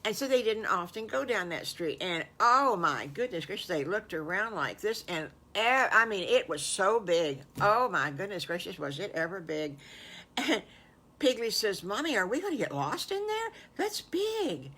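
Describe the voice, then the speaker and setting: An older woman, a grandmother, telling an improvised children's story in a warm, folksy, exclaiming way. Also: lowish voice, animated, normal speed.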